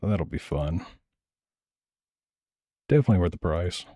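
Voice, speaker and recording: A man's voice: low-pitched, expressive, normal speed, warm tone, no echo, clean studio sound. A man streaming and reacting to videos, blunt and profane, rambling through casual commentary.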